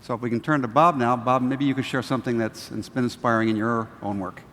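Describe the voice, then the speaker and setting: A man's voice: mid-range voice, fairly even intonation, a bit bright, a little hiss or hum. Man introducing a panelist in a hall. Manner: measured, with frequent "uh" fillers. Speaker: moderator. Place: large lecture hall. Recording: distant mic in a large reverberant hall.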